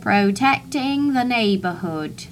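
A woman voicing armed male guards with South African-sounding accents, speaking in a low, clipped, cautioning way. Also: lively intonation, slow pace, a little hiss or hum. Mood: wary.

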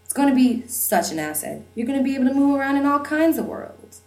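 A woman's voice: high voice, lively intonation, fast, darkish tone, pitched above the performer's own voice. A woman narrating an audiobook, voicing a jokey, upbeat father with a wry, reassuring manner. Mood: breezy. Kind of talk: audiobook reading.

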